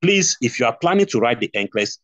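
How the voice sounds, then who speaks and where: A man with a Nigerian accent teaches a nursing exam review class online, repeating key points and posing rhetorical questions. His mid-range voice is sing-song and very fast, captured in a dry recording with dull lo-fi stream audio.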